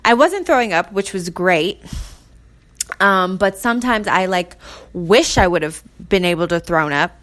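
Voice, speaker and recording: A woman's voice: on the low side, animated, measured pace, a bit bright. A young adult woman hosting her own podcast, talking casually and rambling with lots of fillers and frequent laughs. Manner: chatty, rambling, laughs often, many "like" fillers. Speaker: podcast host. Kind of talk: casual solo podcast chat.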